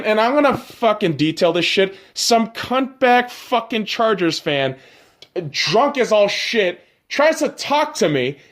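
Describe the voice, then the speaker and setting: A young man hosting a podcast, telling a profane, blunt travel story in a casual rant. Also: sits high. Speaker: podcast host.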